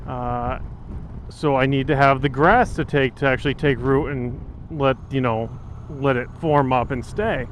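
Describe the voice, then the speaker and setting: A man's voice: mid-range voice, steady tone, measured pace. A man in his thirties telling a rambling story while riding a motorcycle, with plenty of fillers and restarts. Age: 30s. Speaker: motovlogger. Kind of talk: casual storytelling vlog. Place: outdoors on a windy road, riding a motorcycle. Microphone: helmet-mounted action camera mic. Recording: outdoor vlog with wind and road noise. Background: wind and engine noise.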